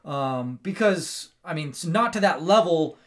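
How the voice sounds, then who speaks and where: A man hosting a casual movie review, telling the story in an animated, rambling way with lots of fillers and tag questions. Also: on the high side, a little slow. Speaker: movie review show host.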